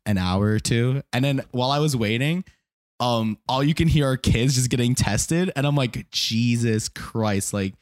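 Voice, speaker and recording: A young man co-hosting a podcast in casual chat, telling stories in an animated way and acting out what others said. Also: normal speed, dry recording, clean studio sound. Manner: animated storytelling, acts out quotes with big pitch jumps. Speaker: podcast co-host asking questions.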